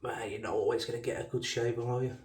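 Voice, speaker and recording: A man's voice: medium pitch, flat delivery, fast, darkish tone, roomy sound, far from the mic. A man with a Black Country accent, chatting casually while shaving, often correcting himself and laughing. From Black Country, England. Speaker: shaving channel host. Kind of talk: casual rambling shaving commentary.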